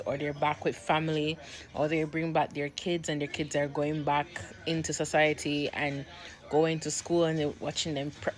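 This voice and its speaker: A woman talks casually and enthusiastically about what she enjoys seeing. Her voice sits very low for a woman. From Jamaica. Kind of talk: casual commentary.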